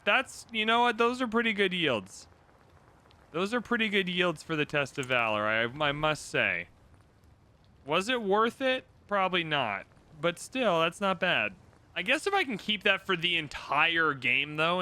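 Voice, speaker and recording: A man's voice: fairly high pitch, bright, forceful tone. A young man casually commentating a strategy game for his channel, playful and mock-outraged, joking with his viewers. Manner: playful, mock-outraged, jokey asides to the audience. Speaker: gaming YouTuber.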